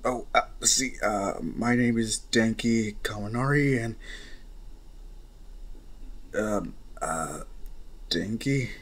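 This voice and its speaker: A man's voice: on the low side, takes it slowly, long pauses, fairly bright tone, full character voice. A man voicing a nervous, eager young man who stammers and pleads to join a group.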